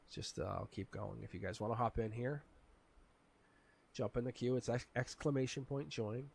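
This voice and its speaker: A man with a raspy voice, chatting and laughing often as he gives tarot readings on a live stream. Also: medium pitch, moderate pace, slight background noise. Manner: chatty and animated, laughs often, talks to chat. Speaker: tarot reader.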